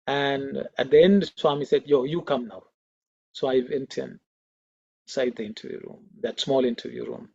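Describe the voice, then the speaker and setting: A man's voice: medium pitch, vocal fry, dark tone, muffled recording. A man giving an earnest, emotional talk at a devotional gathering, telling a personal story with many fillers.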